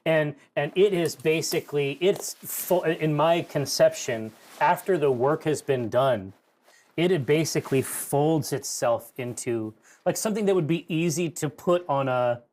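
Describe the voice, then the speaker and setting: A man playing in a tabletop role-playing game, talking casually and excitedly, often restarting his sentences. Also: fairly high pitch, measured pace. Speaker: player.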